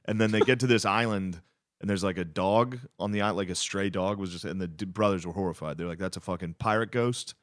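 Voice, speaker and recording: A man's voice: low voice, fairly even intonation, fast, no room sound, clean studio sound. A young man from Pennsylvania telling a history story on a podcast in a laid-back, profane way with lots of fillers. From Pennsylvania, United States. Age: young adult. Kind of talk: casual crude podcast chat.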